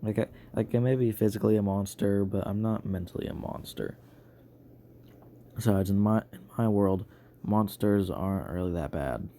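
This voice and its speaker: A man's voice: on the low side, warm tone, a little hiss or hum, lightly acted. A man doing a cheeky slime hero. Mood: defiant. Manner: casual, halting, full of fillers. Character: laid-back young male slime hero, cheeky and defiant.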